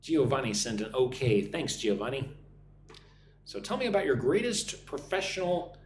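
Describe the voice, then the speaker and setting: A man in his thirties from the United States with an American accent, teaching English on a live stream, reading chat comments aloud and drilling pronunciation slowly. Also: medium pitch, big pitch swings. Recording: echoey room with faint noise.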